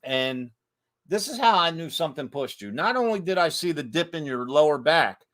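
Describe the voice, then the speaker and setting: A man's voice: fairly high pitch, lively intonation, normal speed, fairly bright tone. A man in casual chat, carefully explaining what he saw on a ghost hunt, laughing often. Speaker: paranormal investigator co-host.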